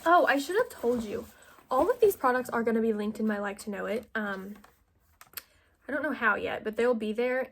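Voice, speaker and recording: Young american woman doing a makeup tutorial at home, chatty and rambly, kinda high voice, lots of "like". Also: creaky, a bit bright. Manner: chatty, filler-heavy, self-deprecating. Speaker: vlogger.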